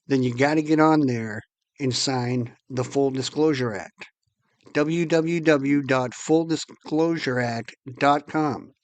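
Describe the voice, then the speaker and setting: A man's voice: medium pitch, slow, dry recording. A man ranting angrily and profanely to his viewers as host of his channel. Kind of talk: angry monologue to camera.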